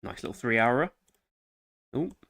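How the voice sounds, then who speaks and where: Man, game streamer, casual commentary, chatty, exclaiming, mid-pitched voice. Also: lively intonation, normal speed, a bit bright, dry recording. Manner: chatty, talks to himself and viewers, frequent exclamations.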